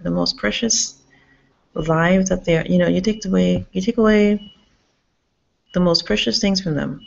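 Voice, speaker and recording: A woman's voice: on the low side, unhurried, creaky, pauses often, a little mellow. A woman talking to her camera in a rambling, agitated monologue, swearing often and restarting her sentences, recorded indoors in a public campus building. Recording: dull lo-fi sound.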